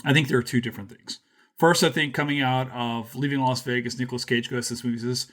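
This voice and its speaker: Joking, animated male podcast host. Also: mid-range voice. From Louisiana. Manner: animated, joking, quick asides. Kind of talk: casual chat.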